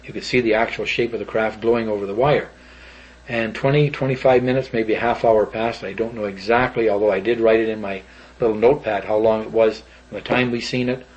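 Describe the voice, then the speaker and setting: A man's voice: on the low side, steady tone, brisk, slightly rough, highs cut off. An older man, rambling animatedly through an old story as an interviewee.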